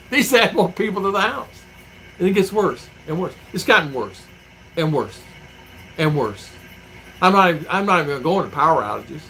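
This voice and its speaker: The audio is poor, with a little hiss or hum, and the man's voice is fairly high, bright, and forceful. A middle-aged American vlogger, he livestreams casually from home, answering viewer comments, telling folksy stories, and rambling and repeating himself along the way.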